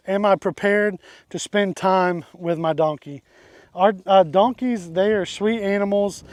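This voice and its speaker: A farm channel host stands outside next to a donkey, chatting in a relaxed, rambling manner and laughing softly often. His voice sits high with a darkish tone, in a dry, studio-quality recording.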